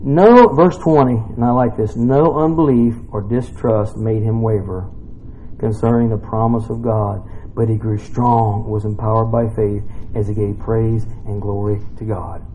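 A man's voice: lowish voice, fairly even intonation, a little slow, dark tone, a little hiss or hum, rough recording. A man giving a casual, jokey sermon in a church, rambling into asides between scripture readings. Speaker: preacher.

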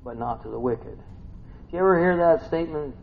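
Gravelly preacher with dramatic swings. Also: male voice, fairly high pitch, normal speed. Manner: swings from hushed asides to loud exclamations, muses with hums. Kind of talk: sermon reading and expounding scripture. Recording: dull lo-fi recording with faint background noise.

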